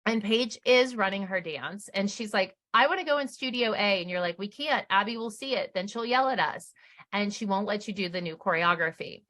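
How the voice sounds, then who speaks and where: A woman's voice: mid-range voice, brisk. A middle-aged woman co-hosting a podcast, chatting casually and acting out quotes as she recaps. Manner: animated storyteller, acts out quotes. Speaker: podcast co-host.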